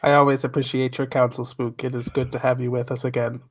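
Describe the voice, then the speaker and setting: A man's voice: mid-range voice, level tone, quick pace, lightly acted. A man voicing an earnest, literal-minded male droid who talks in stiff, formal phrasing.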